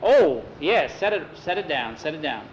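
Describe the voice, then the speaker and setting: A man voicing Tom, a grown traveller who talks brisk and a little hesitant. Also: fairly high pitch, very animated, dull audio, slight background noise. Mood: flustered. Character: man Tom, traveller, flustered but polite.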